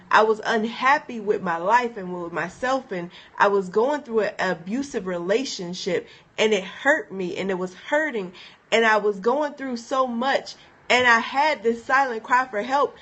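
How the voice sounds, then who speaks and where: A woman's voice: mid-range voice, a bit bright. A woman telling a personal story on a live stream. She speaks emphatically, repeats her key phrases and acts out a friend's encouraging words. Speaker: inspirational speaker.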